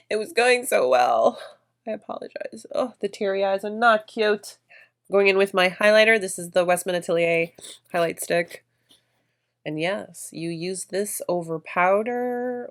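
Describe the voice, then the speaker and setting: A woman vlogger narrating her makeup routine in a chatty, effusive way, gushing over products. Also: medium pitch. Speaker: beauty vlogger.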